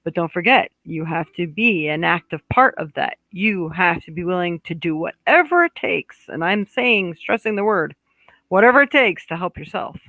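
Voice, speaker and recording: A man with a high, lively voice gives a chatty monthly horoscope card reading at normal speed with few pauses, on a dry recording with poor audio. This psychic card reader talks straight to viewers and aloud to spirit, with warm asides and many fillers and restarts.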